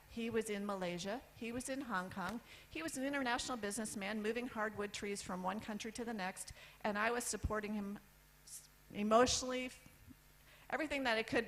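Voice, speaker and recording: A woman in her fifties from the United States telling a personal story on stage, candid, with lists and pauses for effect. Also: a little high, a bit bright, poor audio. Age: 50s. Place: event stage.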